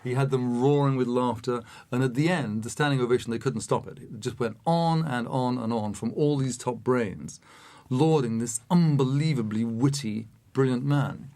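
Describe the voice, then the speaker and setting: A man telling an anecdote in an animated way, often laughing as he goes. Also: medium pitch, normal speed, hardly any pauses. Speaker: storyteller. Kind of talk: anecdotal storytelling.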